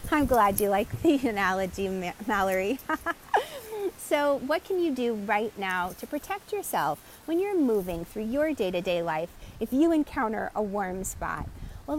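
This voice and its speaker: A woman energy coach telling client stories in an animated way and greeting live viewers by name. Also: mid-range voice, a little hiss or hum. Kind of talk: live-stream teaching talk.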